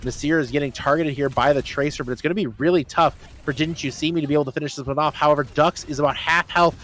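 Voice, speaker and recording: A man's voice: a little high, steady tone, a bit bright, a little hiss or hum. Man calling esports play-by-play. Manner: fast play-by-play calls, then groaning through eating spicy jelly beans. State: mouth burning from spicy jelly beans. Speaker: esports caster and host. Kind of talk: live esports play-by-play commentary.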